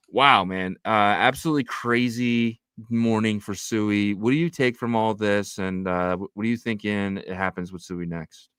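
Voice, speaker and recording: A man's voice: fairly low pitch, moderate pace, a bit bright, smooth, no echo, studio quality. A man co-hosting a casual crypto livestream, reading news and viewer comments aloud with lots of fillers. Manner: reads tweets and news aloud with frequent fillers. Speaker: livestream co-host.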